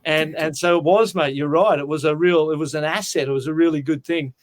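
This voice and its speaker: A man's voice: on the high side, fairly even intonation, brisk. A sixty-year-old Australian man telling stories in a casual interview, talking in an earnest, heartfelt way and often calling the listener mate. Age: 60s. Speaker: guest.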